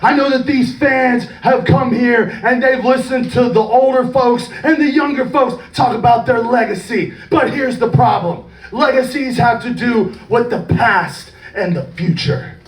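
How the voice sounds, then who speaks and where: A man delivering an intense, shouted wrestling promo with a heavy rhythmic cadence. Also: very high-pitched, a little slow, hardly any pauses. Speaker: wrestling student. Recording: echoey room from far off.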